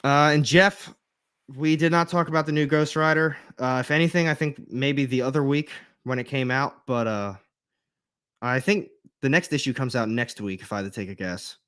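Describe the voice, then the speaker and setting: A man co-hosting a comic book livestream, talking in a relaxed, chatty way with trailing fillers. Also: medium pitch, moderate pace, clean tone. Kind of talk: casual chat.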